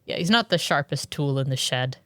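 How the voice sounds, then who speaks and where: A woman with a very deep, expressive voice speaks fairly quickly while co-hosting a casual podcast chat about a book. She comes across as chatty and reflective, with many "like" fillers and considered tangents. The sound is clean studio audio with no room sound.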